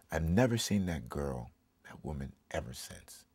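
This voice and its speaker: A man's voice: a bass voice, big pitch swings, measured pace, darkish tone, slightly rough, no room sound. A middle-aged man, a pastor, giving a heartfelt personal testimony with emphatic, preacherly delivery that turns emotional and tearful.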